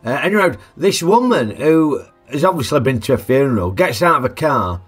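Chatty man, lively pitch. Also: brisk, husky, faint music behind. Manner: chatty, jokey, asks tag questions. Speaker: film reviewer. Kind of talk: casual film review narration.

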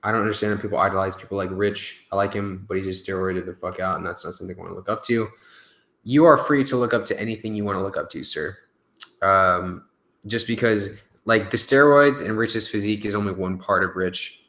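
A man's voice: fairly low pitch, fairly quick, fairly bright tone. A young man chatting casually on his live stream, reading out viewer questions and answering them loosely, with fillers and the odd swear word. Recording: echoey room.

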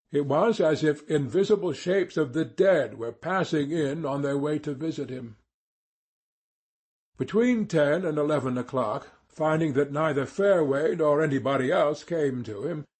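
A man reads a classic novel aloud for an audiobook, telling the story in a measured, even way. His voice is medium-pitched and husky.

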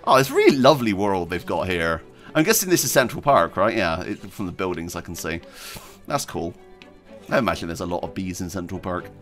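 A man commenting as he plays a video game, chatty and excitable, often squealing with delight. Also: low-pitched, a little fast, faint music behind. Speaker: gaming video host. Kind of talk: let's play commentary.

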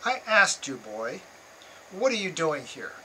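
A man's voice: on the high side, animated, normal speed, bright, forceful tone, slight background noise, poor audio. A man reading his memoir aloud, voicing a harsh, condescending male police officer who barks accusations. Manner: barking, accusatory.

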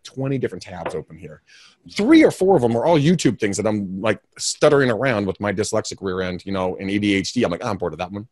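A man being interviewed about his career, telling stories in an energetic, rambling, emphatic way with self-mocking asides. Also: fairly low pitch, no room sound, studio quality. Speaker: realtor and podcast co-host, interview guest. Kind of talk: candid interview storytelling.

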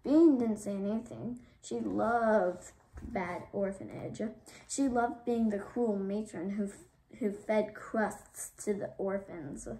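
Slow, measured woman reading a storybook. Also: medium pitch. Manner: steady, measured narration. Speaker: children's book reader. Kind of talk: storybook read-aloud. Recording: roomy, distant mic, faint noise.

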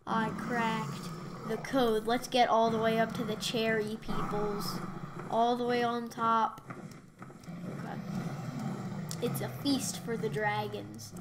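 A young woman narrating her Minecraft rounds as a gaming YouTuber, her voice sitting on the high side. She drawls slowly, then breaks into excited squeals and shouts at each turn of the game. Her mic picks up a steady hiss and clicks from the keyboard and mouse. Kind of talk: Minecraft let's play commentary.

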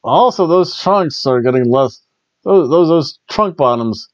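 A man's voice: mid-range voice, animated, normal speed, a little mellow, no room sound, highs cut off. A man hosting a casual solo wrestling review, chatty and rambling, often stumbling and restarting his words. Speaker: wrestling show reviewer, host.

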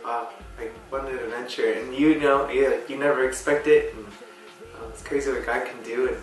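A man's voice: medium pitch, fairly even intonation, normal speed. A young man giving a rambling, hesitant birthday message to a friend, often trailing off. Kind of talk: casual birthday video message. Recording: very echoey room, far from the mic, music playing.

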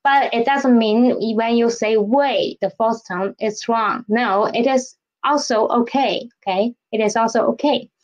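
A woman teaching a Mandarin lesson in English, explaining slowly and repeating key phrases with "okay?". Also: fairly high pitch, lo-fi sound. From Philippines. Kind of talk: language lesson.

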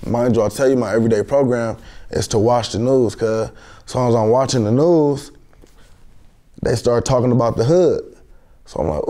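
A young man talks in slangy street speech packed with fillers. His voice is mellow and relaxed, and it sits at a middle pitch. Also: a little fast. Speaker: guest. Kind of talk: street storytelling interview.

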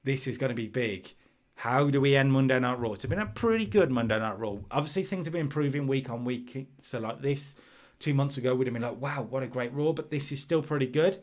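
A man's voice: mid-range voice, animated, a little fast. Chatty man commenting a game. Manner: chatty, restarts and fillers, reads out scores. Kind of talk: casual let's-play commentary.

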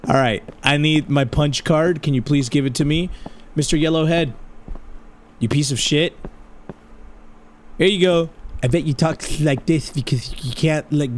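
A man giving excitable, profane let's play commentary, talking straight to his viewers and dropping Spanish slang exclamations. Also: fairly high pitch, moderate pace, long pauses, a little hiss or hum. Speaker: gaming channel host.

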